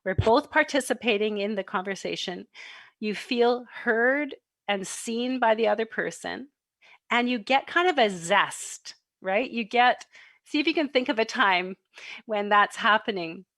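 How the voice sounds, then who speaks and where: A woman's voice: on the high side, a little slow, no room sound. A middle-aged woman giving an online parenting talk, telling personal stories with laughter and acted-out quotes. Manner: animated, laughs and acts out quoted voices. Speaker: parenting workshop presenter. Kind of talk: warm storytelling talk to an online audience. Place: home, online livestream. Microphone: computer mic on a video stream.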